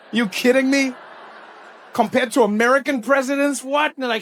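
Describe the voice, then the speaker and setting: A male comedian doing stand-up, punchy and animated, with repeated refrains. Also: very high voice, quick pace.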